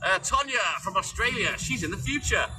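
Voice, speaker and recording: A man with a North Welsh accent and a slightly raised voice hosts a relaxed livestream. He chats in a wry, easygoing way and answers viewers by name. Clear music plays behind him the whole time. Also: sits high, normal speed, low-quality recording. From North Wales. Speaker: livestream host. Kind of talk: casual live chat with viewers.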